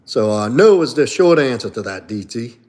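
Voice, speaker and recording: A man's voice: medium pitch, big pitch swings, normal speed, a little mellow. A man hosting a live stream, answering viewer questions from chat in a blunt, profane, opinionated way. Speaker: livestream host and coach. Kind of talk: casual livestream chat.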